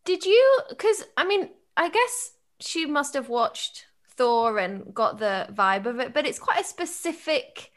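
A woman hosting an interview, asking questions with gushing, excitable enthusiasm. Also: high voice, a little slow, few pauses. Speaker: interviewer, podcast host and cast member. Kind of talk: casual interview chat.

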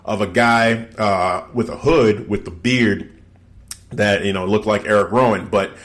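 A man hosting a casual podcast, recapping events in an animated storytelling way and acting out the quotes. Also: fairly low pitch, measured pace. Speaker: podcast host recapping wrestling. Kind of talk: casual chat.

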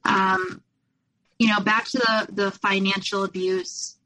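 Woman, podcast guest, candid personal story, clear bright tone, animated when quoting. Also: mid-range voice, takes it slowly, poor audio. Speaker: podcast guest, abuse survivor.

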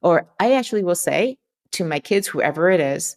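A woman's voice: on the low side, lively intonation, normal speed, darkish tone. A woman guest in a conversational interview, talking earnestly and acting out quoted lines. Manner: earnest, acts out quoted dialogue.

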